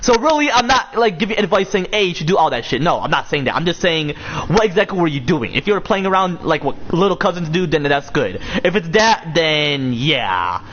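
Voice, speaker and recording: A man's voice: fairly high pitch, sing-song, normal speed, a bit bright, muffled recording, slight background noise. A man chatting casually on a live stream, rambling and restarting his sentences. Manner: rambling with many restarts and fillers.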